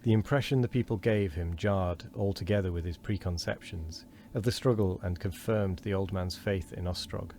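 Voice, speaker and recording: A man reading a novel aloud at a steady, measured pace. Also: deep voice. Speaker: streamer reading a book aloud.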